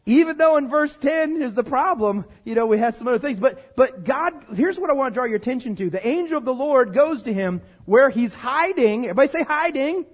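A middle-aged male pastor preaching a lively sermon, joking and calling out to the congregation. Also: extremely high pitch, fairly quick, hardly any pauses.

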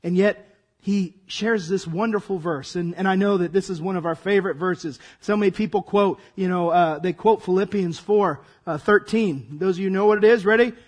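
A man preaching a sermon as pastor, his voice hoarse and raspy, acting out dramatic asides. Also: high voice, moderate pace.

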